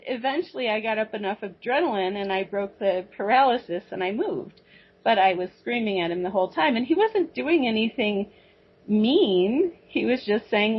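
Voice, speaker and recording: A woman guest telling a personal story in a rambling, animated way, with restarts and asides. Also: medium pitch, moderate pace, breathy edge. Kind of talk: personal storytelling on a talk show. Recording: dull lo-fi audio.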